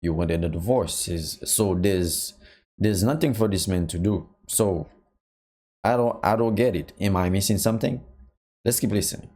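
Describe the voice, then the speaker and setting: A man hosting a reaction channel, pausing clips to give blunt, incredulous commentary and repeating himself as he reasons. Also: low-pitched, mellow.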